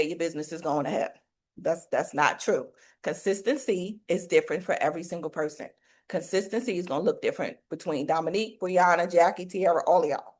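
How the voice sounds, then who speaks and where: Preachy woman coach, folksy faith-filled talk. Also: fairly low pitch. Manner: preachy, faith-filled, rhetorical questions, colloquial. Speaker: business coach for hairstylists.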